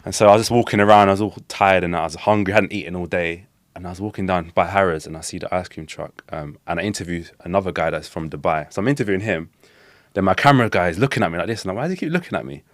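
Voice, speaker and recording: A young man, his voice sitting very low. He rattles through his stories at a quick clip, slangy and animated, and the recording is dry and close. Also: no echo. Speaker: podcast guest, street interviewer. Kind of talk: casual storytelling chat.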